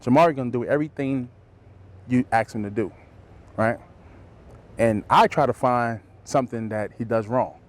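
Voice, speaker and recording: Man, football coach, interview, storytelling, acts out voices, mid pitch. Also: moderate pace, long pauses. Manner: animated storyteller, acts out quotes. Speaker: high school football coach.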